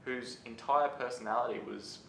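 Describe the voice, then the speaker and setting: A man's voice: fairly even intonation, moderate pace, gravelly, fairly bright tone. A man reviewing a film in casual chat, critical and analytical. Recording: roomy room with faint rumble.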